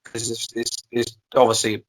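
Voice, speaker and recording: A man's voice: mid-range voice, monotone, moderate pace. A young man chatting casually on a podcast, blunt and swearing freely. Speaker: podcast co-host. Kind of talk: casual chat.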